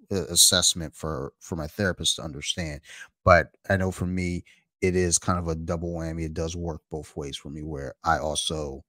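A man's voice: low-pitched, fairly bright tone, dry recording, clean studio sound. A man hosting a podcast who talks in a thoughtful, hesitant way with many fillers. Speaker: podcast host. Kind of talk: reflective conversation.

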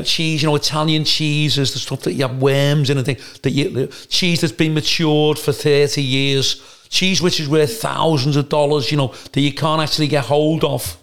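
A man's voice: a little high, fairly bright tone. A man from the United Kingdom hosting a casual podcast chat, a blunt storyteller who swears freely. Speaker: comedian and podcast host.

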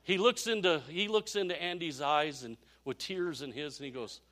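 Male pastor, sermon, lively storytelling, fairly high pitch, bright forceful tone. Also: moderate pace, few pauses. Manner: animated storytelling, repeats phrases.

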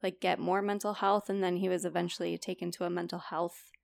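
A woman's voice: fairly low pitch, flat delivery, a little fast, vocal fry, dry recording. A young woman co-hosting a podcast, chatting casually and retelling stories with quoted dialogue and lots of "like" fillers. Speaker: podcast co-host presenting a report. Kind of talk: casual chat.

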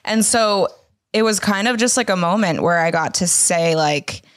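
A young woman co-hosting a casual podcast, high and giggly, rambling and swearing freely. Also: normal speed. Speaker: podcast co-host. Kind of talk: casual stoner podcast chat.

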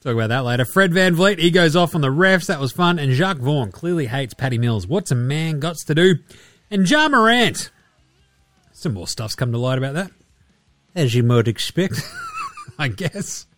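A man's voice: fairly high pitch, big pitch swings, normal speed, a bit bright, no echo. An Australian man in his thirties hosting a casual sports podcast, chatty and swearing a lot as he acts out quotes. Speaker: podcast host.

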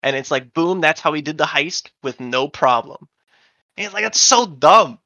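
A man's voice: on the high side, expressive, normal speed, pushed and bright, dry recording. A man in casual podcast chat, ranting emphatically about what he dislikes.

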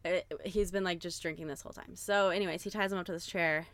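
A young woman with a notably low-pitched voice talks through a film's story in a relaxed podcast chat. She fills her sentences with "like" and lets the odd swear word slip as she builds the tension. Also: fast, dry recording. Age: young adult. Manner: animated storyteller, frequent "like", swearing. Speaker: podcast co-host. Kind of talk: casual chat, retelling a film plot.

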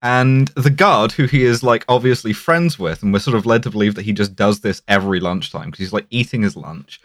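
A man's voice: fairly low pitch, brisk, dry recording, clean studio sound. A man co-hosting a casual film podcast, recapping scenes and dropping into playful put-on voices. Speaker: podcast co-host. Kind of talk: casual film-review chat.

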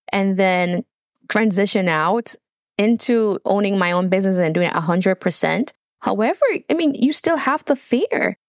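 A middle-aged Jamaican woman delivers a solo business talk, reading her points and then stepping aside to share her own experience. Her voice sits at an ordinary middle pitch. The recording is dry and close, with no room echo. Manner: reads points then adds personal asides.

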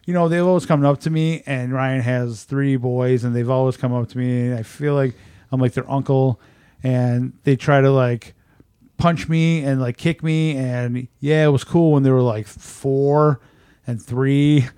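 A man's voice: mid-range voice, measured pace, clean tone, no room sound, studio quality. A man on a podcast in casual chat, telling profane stories and acting out the dialogue. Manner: profane animated storyteller, acts out dialogue. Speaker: podcast guest.

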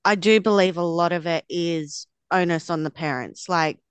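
A middle-aged woman speaks as a guest co-host in a lowish voice. Her tone is smooth and clear, and the sound is dry. She puts her views earnestly and firmly. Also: normal speed, dry recording. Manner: earnest, firm opinions. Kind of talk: casual podcast chat.

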